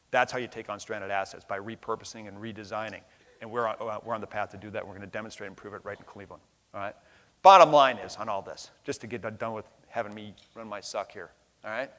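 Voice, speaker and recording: Speaking with a fairly low, fairly bright voice, a middle-aged plenary speaker from the United States gives a fiery keynote. His style is blunt, profane and emphatic, with frequent "right?" tags, and the big conference hall leaves a long, echoing reverb.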